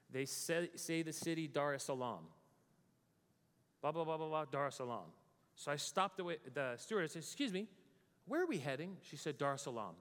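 A man's voice: medium pitch, a bit bright, clear, resonant tone. An American man telling a story about his own travels to a live audience, acting out his panic in a raised voice. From United States. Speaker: speaker. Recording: long reverb of a large hall.

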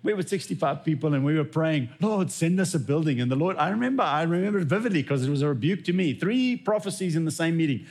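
A lead pastor with a voice on the high side and a darkish tone preaches a sermon. He tells stories and acts out little dialogues with God.

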